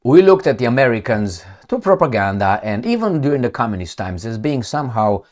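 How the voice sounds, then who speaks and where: A man's voice: mid-range voice, sing-song, brisk, darkish tone. A middle-aged man from Romania with a Romanian accent, giving sarcastic, digressive commentary from home. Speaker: political commentator. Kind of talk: casual commentary vlog. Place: at home with his cat.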